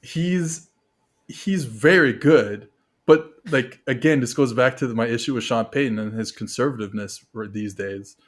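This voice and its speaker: A man from Montreal talks as a podcast guest in a medium-pitched voice. He rambles earnestly, often restarts his sentences, and fills them with "like" and "you know". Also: normal speed. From Montreal, Canada. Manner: rambling, filler-heavy, earnest. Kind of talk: casual podcast chat.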